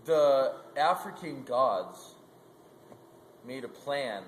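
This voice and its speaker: A man's voice: medium pitch, animated, drawn-out words, a little hiss or hum. A man doing a friendly old wise monkey. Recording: roomy echo.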